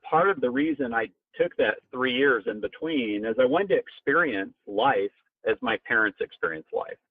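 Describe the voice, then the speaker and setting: A man being interviewed as a company co-founder, telling a personal story animatedly and jumping up in pitch for emphasis. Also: no echo. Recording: tinny phone-like sound, very dry.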